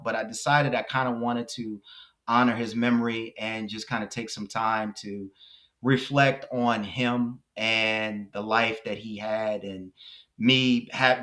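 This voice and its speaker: A man in his forties hosting a car vlog, speaking to viewers in a soft-spoken, reflective and heartfelt way, with many hesitations. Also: lowish voice. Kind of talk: reflective personal talk to viewers.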